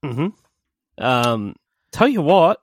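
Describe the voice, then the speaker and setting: A man's voice: mid-range voice, sing-song, drawn-out words, no echo, clean studio sound. Giggly male podcast host. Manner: giggly, joking storyteller. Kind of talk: casual comedy banter.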